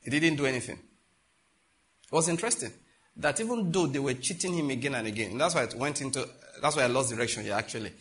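A man's voice: lively intonation, fast talker. A man preaching a sermon as pastor, emphatic, asking his congregation rhetorical questions. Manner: emphatic preaching, rising and dropping in pitch and loudness.

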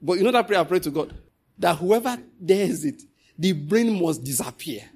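A man preaching a sermon, telling stories and scolding his listeners, with a husky voice. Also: normal speed. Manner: animated, swings from loud scolding to low storytelling.

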